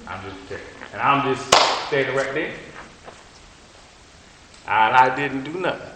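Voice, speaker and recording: A man preaching a sermon, telling stories in a colloquial, animated way. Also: medium pitch, unhurried, very noisy. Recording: echoey hall.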